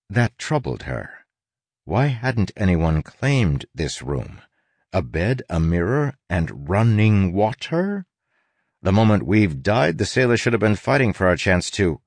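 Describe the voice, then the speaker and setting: A man reading an audiobook in an expressive, measured narration. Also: low voice, no echo. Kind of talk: scripted narration.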